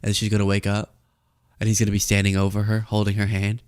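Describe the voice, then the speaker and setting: A man's voice: lowish voice, completely flat delivery, quick pace, clear, resonant tone, dry recording, studio quality. A young adult man hosting a casual political commentary show, rambling and improvising a comic story. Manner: rambling, improvising a comedy bit. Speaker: host.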